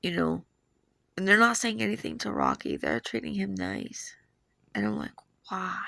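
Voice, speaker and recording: A woman in her forties tells a personal story with emotional earnestness, stopping and restarting with fillers. Her voice is bright and edgy, with a deep gravelly fry running through it. Her pitch climbs and drops in a lively way. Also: moderate pace, no room sound. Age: 40s. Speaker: video creator sharing dreams.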